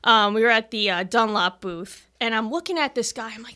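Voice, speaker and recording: A woman, a musician guest on a podcast, chatting casually and telling an animated story with acted-out quotes and frequent laughs. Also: fairly high pitch, brisk. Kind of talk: casual chat.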